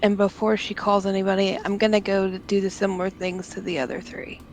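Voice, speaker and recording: A woman's voice: medium pitch, little pitch movement, a little fast, a little hiss or hum, low-quality recording. A woman playing a tabletop game who describes her character's actions casually, with lots of fillers. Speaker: player.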